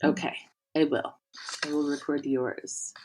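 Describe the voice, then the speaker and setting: A woman's voice: low-pitched, level tone, measured pace, darkish tone. A woman co-hosting a podcast, chatting casually and rambling with many fillers. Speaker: podcast co-host. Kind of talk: casual chat.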